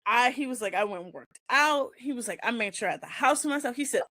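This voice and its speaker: A woman hosting a casual chat show, telling an embarrassing story with animated, laughing delivery. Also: fairly high pitch, fast, no room sound. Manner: animated, laughing, shrieking at punchlines. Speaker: host.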